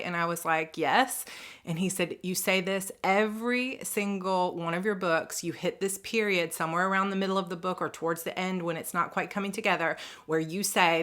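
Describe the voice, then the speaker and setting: A woman's voice: lowish voice, sharp tone. A woman writer in her thirties giving casual advice in a vlog, chatty, with lots of fillers and her own quoted thoughts acted out. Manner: chatty, lots of "like" and "you know", acts out her own past dialogue. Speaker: writer vlogger.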